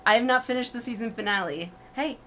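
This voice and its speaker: A young adult woman streaming a game, reacting out loud and talking herself through tense moments. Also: on the high side, quick pace, slight background noise. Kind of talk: emotional let's-play reaction.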